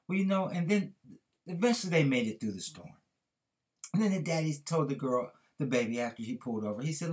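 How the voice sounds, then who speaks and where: An earnest man hosts a podcast and tells a motivational story. He leans on key words with preacher-like emphasis, and his pitch rises and falls in lively swings. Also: brisk. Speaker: podcast host.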